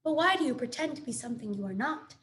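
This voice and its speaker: A woman voicing a stiff, overly formal female robot in a storybook reading, speaking slowly and carefully. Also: high-pitched, expressive, fairly bright tone, slight background noise. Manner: stiff and formal, slow and measured.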